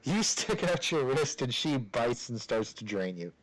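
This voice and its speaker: A man's voice: mid-range voice, big pitch swings, unhurried, crowd noise, rough recording. A man narrating as game master of a tabletop role-playing game, talking casually with lots of filler words. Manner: casual, chatty narration full of "kinda" and "like".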